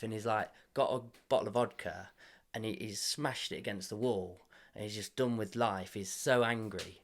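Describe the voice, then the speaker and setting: A man's voice: fairly low pitch, moderate pace. A man hosting a podcast in casual, earnest conversation, often laughing and openly emotional. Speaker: podcast host.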